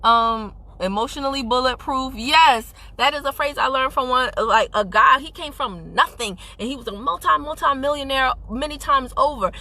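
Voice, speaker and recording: A woman's voice: sits high, moderate pace, few pauses, bright, forceful tone, no room sound. A woman giving an emphatic, sassy motivational talk on a live stream, speaking into a phone while driving her car. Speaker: network marketing team leader.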